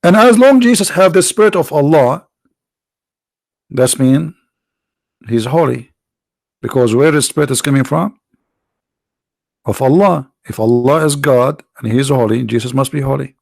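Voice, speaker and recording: Hoarse gravelly guy running a live debate stream, mocking and taunting, dry close sound. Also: medium pitch, moderate pace, pauses often, a little mellow, no echo. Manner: mocking, taunting, full of rhetorical questions. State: hoarse, losing his voice. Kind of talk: combative religious polemic commentary.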